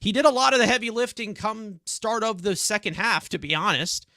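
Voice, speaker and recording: A man's voice: high-pitched, expressive, a little fast, pushed and bright, no echo, clean studio sound. A man with a New York accent co-hosting a sports podcast, ranting and swearing as he airs his frustration. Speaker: podcast co-host. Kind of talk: heated sports reaction talk.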